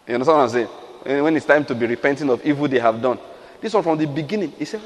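A man's voice: medium pitch, a little fast, long pauses, in a large hall. A man preaching a sermon, emphatic, asking the listeners rhetorical questions and acting out quotes.

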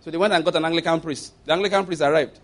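A male preacher delivering a sermon, his voice sitting a little high. He tells stories and jokes with emphasis and acts out what people said. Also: fairly even intonation, very fast, a bit bright. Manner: storytelling with jokes and acted quotes, emphatic.

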